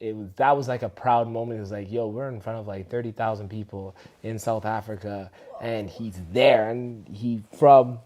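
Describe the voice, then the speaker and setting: A Canadian man telling a story in a relaxed interview. His voice sits at a middle pitch, but it jumps high and loud whenever he quotes someone. The talk is casual, full of "you know" and "like". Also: moderate pace. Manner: animated, acts out quoted people in a raised voice. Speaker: dance teacher telling a story.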